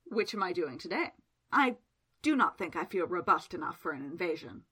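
A woman's voice: on the low side, very animated, moderate pace, sharp tone, slightly rough, pitched below the performer's own voice, heavily acted. A woman doing a dry, sardonic male magician. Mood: wry.

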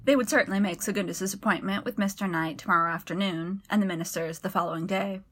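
A woman reads a story aloud in an even, clear storytelling manner. Her voice is bright and forward, with a middle pitch. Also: fast. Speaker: narrator. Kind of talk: storybook narration.

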